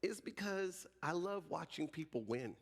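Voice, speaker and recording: A man in his forties, a pastor giving a sermon as an animated, joking storyteller. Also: on the high side, unhurried, creaky. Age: 40s. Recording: reverberant hall.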